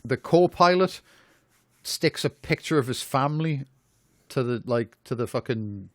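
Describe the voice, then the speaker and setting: A man's voice: mid-range voice, expressive, a little slow, dry recording, clean studio sound. A man co-hosting a podcast, reviewing a film in rambling, amused casual chat full of fillers. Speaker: podcast co-host.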